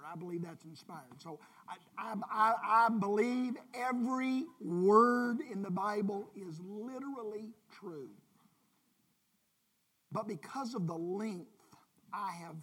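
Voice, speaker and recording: A woman's voice: mid-range voice, husky. A woman leading an informal Bible lesson, speaking earnestly and directly to her class. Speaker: Bible study teacher.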